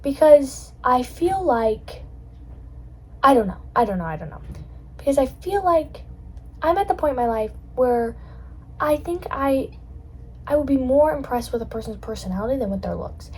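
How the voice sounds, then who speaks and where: A woman's voice: sits high, lively intonation, moderate pace, pauses often, husky, poor audio. A young adult woman hosting a casual solo chat, rambling in a bubbly way with lots of fillers. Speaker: podcast host.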